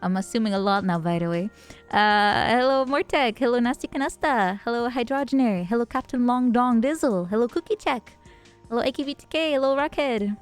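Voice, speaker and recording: A woman's voice: fairly high pitch, a little fast, clear, resonant tone, faint music behind. A woman streamer chatting casually with her viewers, laughing often and greeting them by name. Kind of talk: casual livestream chat.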